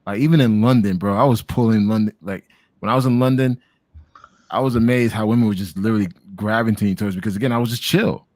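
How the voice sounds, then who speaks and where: A man's voice: fairly low pitch, fairly even intonation, quick pace, darkish tone, dry recording, clean studio sound. An American man from Miami chatting casually on a video call, laid-back and slangy, calling everyone man and bro. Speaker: guest on travel talk. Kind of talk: casual chat.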